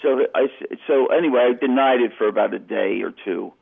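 Gravelly older man telling a story. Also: medium pitch, fairly quick. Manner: rambling, self-correcting anecdote. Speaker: interview guest. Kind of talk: casual storytelling. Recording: phone-like radio line.

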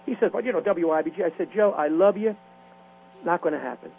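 An older man, a veteran radio disc jockey telling stories in an interview with lively, rhyming patter. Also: high-pitched, quick pace, creaky. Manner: animated rhythmic storytelling, rhyming patter. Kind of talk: storytelling interview. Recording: tinny phone line with faint hum.

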